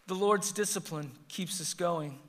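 A middle-aged man preaching a sermon as pastor, swinging between loud emphatic peaks and quiet, low passages. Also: a little slow. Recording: long hall reverb.

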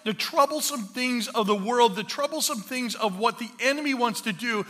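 A man's voice: very high voice, normal speed, pushed and bright. A man preaching a sermon in a church hall, telling a funny story about himself and then building to emphatic preaching. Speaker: pastor.

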